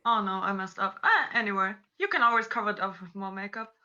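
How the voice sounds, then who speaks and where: A woman cosplayer with a non-native English accent chats casually on a convention panel, telling stories packed with "like" fillers. Her mid-range voice is sharp and lively in intonation, and she talks quickly. The recording sounds muffled.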